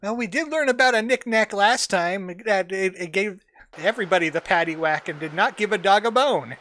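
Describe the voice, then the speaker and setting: A man's voice: high-pitched, moderate pace, pushed and bright, a little hiss or hum. A man hosting a casual let's play, giving playful commentary with joking asides.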